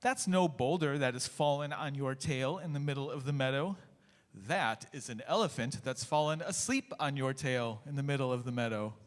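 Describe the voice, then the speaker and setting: A man voicing an aloof, smug male giraffe who speaks in a condescending, measured way. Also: medium pitch, lightly acted. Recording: echoey church hall, faint music.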